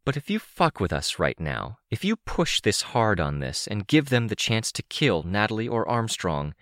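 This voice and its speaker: A man's voice: on the low side, big pitch swings, moderate pace, fairly bright tone, no echo, clean studio sound, pitched above the performer's own voice. A man voicing a young woman who threatens an enemy fiercely and bluntly, in an audiobook.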